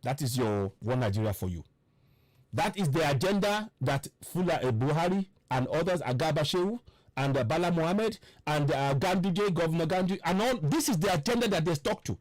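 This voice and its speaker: A man speaks in a fervent, preachy monologue on politics, circling back to repeat his points and pressing the listener with rhetorical questions. His fairly high voice swings widely in pitch. The sound is close and dry, with no room around it. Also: a little mellow, dry recording. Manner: repeats himself for emphasis. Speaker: political commentator.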